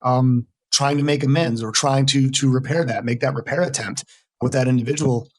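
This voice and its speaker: A middle-aged man from the United States talks quickly and earnestly as a podcast guest. His voice sits at a medium pitch and sounds close and dry, with no room echo. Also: fairly even intonation. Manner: earnest, emphatic. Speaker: veteran mental health worker, interview guest. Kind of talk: casual conversational interview.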